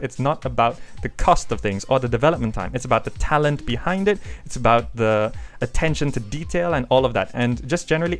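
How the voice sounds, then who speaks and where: A man hosting his gaming channel, answering viewer questions in a casual, rambling way with frequent hesitations, into a desk microphone. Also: mid-range voice. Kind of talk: casual Q&A vlog. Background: faint background music.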